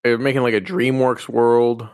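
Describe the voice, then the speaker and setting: Animated, foul-mouthed man recapping a film. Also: normal speed, clear, resonant tone. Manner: animated storyteller, swears, jumps into high voices for quoted characters. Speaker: podcast co-host. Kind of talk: casual chat, movie recap.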